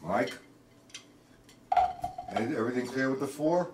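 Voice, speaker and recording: A male drum teacher counts out strokes while he plays, talking his live-stream viewers through the rudiment step by step. He sounds set back from the mic in an echoey room. Clear background noise runs under his voice. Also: mid-range voice, expressive, a little slow, far from the mic. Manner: counts strokes aloud while playing, addresses viewers by name.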